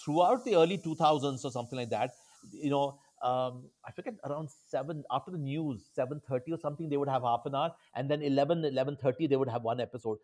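A man telling stories with enthusiasm in casual chat, with many halting restarts and fillers. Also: medium pitch, a little mellow.

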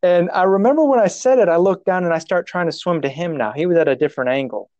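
A man's voice: high-pitched, lively intonation, quick pace, darkish tone, dry recording, lo-fi sound. A man telling a personal story in casual conversation, rambling and self-mocking, restarting his sentences and laughing at himself.

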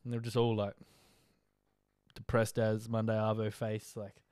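A young Australian man talking casually into a close mic and sounding a bit tired. His voice is smooth and clear, and he rambles along with plenty of fillers. The room sounds dry, with almost no echo. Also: lowish voice, monotone, moderate pace, a little mellow. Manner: rambling and chatty, full of "like" and "um". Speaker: podcast host. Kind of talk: casual monologue update.

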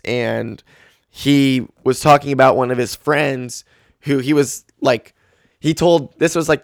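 A man's voice: medium pitch, gravelly, dry recording. A man hosting a solo podcast, ranting and rambling candidly into a close mic. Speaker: podcast host. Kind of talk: casual solo podcast rant.

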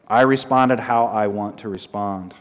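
Pastor preaching in a reverberant hall. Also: male voice, lowish voice. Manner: asks the congregation frequent call-and-response questions; repeats short phrases slowly for emphasis. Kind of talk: sermon.

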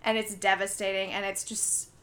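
Bright, animated young woman recapping a film. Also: medium pitch, normal speed. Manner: animated storytelling, acts out quoted lines. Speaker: podcast co-host recapping a film. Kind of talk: casual chat.

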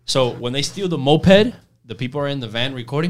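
A young man telling prank stories in casual podcast chat, full of slang and animated. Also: mid-range voice, quick pace. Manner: animated storytelling, heavy slang.

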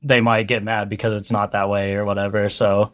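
Flat-voiced young man, casual chat. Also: fairly low pitch, a little fast. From Colorado. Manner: loose, rambling, heavy on fillers. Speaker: food truck owner, guest.

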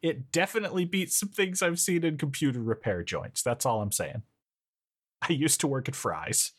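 Male podcast co-host, expressive and dry-witted, recapping a film. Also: mid-range voice, normal speed. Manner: lively, sardonic, laughs often. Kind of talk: casual movie-recap chat.

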